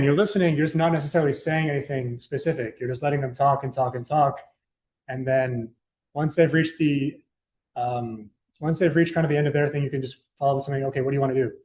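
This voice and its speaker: A young man giving a casual, chatty presentation to a student club, loose and full of fillers and asides. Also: medium pitch. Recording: echoey room.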